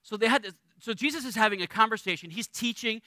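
A middle-aged man preaching a sermon as a pastor, conversational and animated, acting out little voices in his stories. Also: high voice, fast, dry recording.

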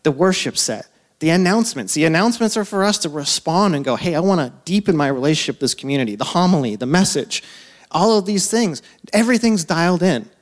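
A man in his thirties who is a pastor, preaching a sermon in a casual, conversational way, full of asides and quick laughs. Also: on the high side, lively intonation. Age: 30s.

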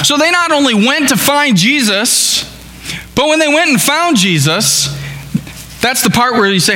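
A man's voice: very high voice, pushed and bright, roomy sound, in a large hall, poor audio. A male pastor preaching a sermon in a chatty way, often asking the congregation "right?" and acting out short everyday exchanges. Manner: conversational, asks the congregation rhetorical questions; acts out little dialogues in a raised voice.

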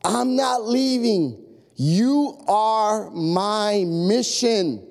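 A determined Marine calling out to trapped men, as a pastor acts him out, high and strained with urgency. The voice rings with a long echo in a big hall. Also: male voice, expressive, moderate pace. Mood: resolute. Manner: shouting, urgent and resolute. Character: brave male Marine rescuer, determined.

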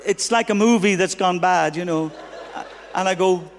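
High-voiced guy preaching, funny, acts out the stories, echoey church hall. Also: normal speed, a faint crowd, a little hiss or hum. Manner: animated, humorous, acts out dialogue. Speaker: guest pastor. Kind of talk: sermon with storytelling. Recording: long reverb of a hall.

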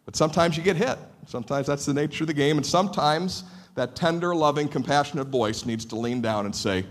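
A man delivers a sermon in a somewhat raised voice. He is a lively, humorous preacher who pokes fun at himself while telling stories to the congregation. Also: fairly high pitch, a little fast. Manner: humorous, self-deprecating and lively. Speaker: pastor. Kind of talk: sermon with storytelling.

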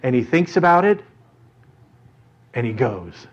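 A man preaching a sermon through an animated story in front of a congregation, dramatically shifting his voice as he tells it. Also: medium pitch, unhurried. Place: church or hall with an audience. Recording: dull lo-fi recording.

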